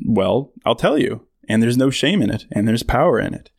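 A man's voice: mid-range voice, animated, moderate pace, gravelly, husky, dry recording, studio quality. A man hosting his own podcast, talking casually to listeners, laughing often and full of fillers. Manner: chatty, laughs often, many fillers, mock voices for quotes. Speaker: podcast host. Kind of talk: casual solo podcast monologue.

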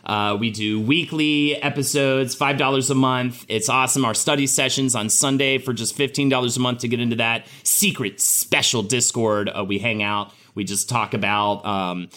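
Bright tense-sounding guy hosting a podcast, animated, laughing a lot, keeps restarting sentences. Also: mid-range voice, normal speed, hardly any pauses. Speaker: podcast co-host. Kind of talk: casual podcast chat.

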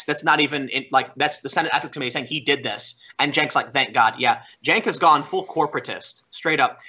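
As a guest on a podcast, a man with a mid-range voice recounts a story in lively, informal conversation. He keeps saying "like" and restarting his sentences.

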